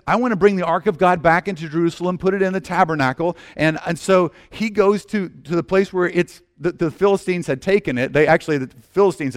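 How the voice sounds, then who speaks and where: A middle-aged man preaching a sermon, telling the story in a lively way and often restarting his sentences. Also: on the high side. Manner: animated storytelling with frequent restarts. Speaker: pastor.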